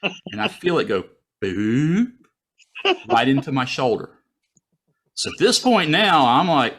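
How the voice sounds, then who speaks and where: A man in a relaxed, chatty storytelling mode, talking over a video call. He jumps into a higher, livelier voice whenever he plays out his own thoughts from the story. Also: slow pace, long pauses. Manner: animated, acts out his own thoughts in a raised voice. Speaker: guest storyteller. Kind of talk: casual personal storytelling.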